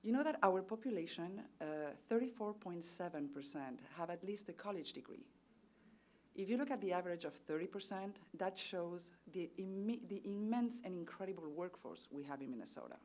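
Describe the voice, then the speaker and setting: A woman's voice: fairly low pitch, animated, a little fast, a little mellow. A woman from Spain with a Spanish accent and Spanish as her first language, giving formal, earnest prepared remarks as a trade official at a seminar and reciting statistics. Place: seminar venue.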